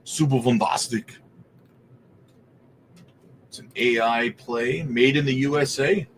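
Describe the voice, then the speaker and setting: A man of ordinary middle pitch hosts a relaxed livestream, talking in a loose, chatty way. He keeps calling out viewers by name and laughs easily between remarks. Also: slow pace, a little hiss or hum. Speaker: crypto livestream host. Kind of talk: casual livestream chat.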